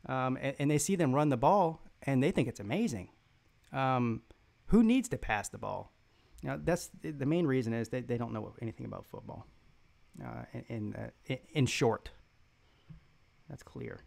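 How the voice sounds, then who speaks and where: Gravelly, halting man trash-talking on a live stream. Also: medium pitch, expressive, a little mellow. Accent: Southern American. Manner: rambling, halting, with many fillers and restarts; mocking trash talk. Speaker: sports live-stream host. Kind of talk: live-stream chat reading viewer comments.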